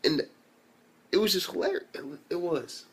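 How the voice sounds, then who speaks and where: A young man giving a casual anime review, animated and swearing freely as he retells scenes. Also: high-pitched, normal speed, creaky. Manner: animated, swears a lot, acts out quotes.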